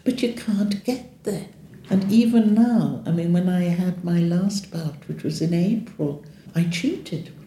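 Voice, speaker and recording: A woman's voice: lowish voice, slow, a little hiss or hum. Frank older woman, echoey room. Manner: frank and wry, acts out quoted voices. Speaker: patient sharing her story. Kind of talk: interview testimony. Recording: echoey room with soft music.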